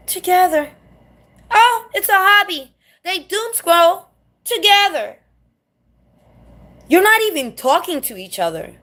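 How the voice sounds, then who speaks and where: A woman's voice: sits high, fairly bright tone. A woman from New City, ranting bluntly and sassily to camera in a casual monologue, swearing freely. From New York City. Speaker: vlogger.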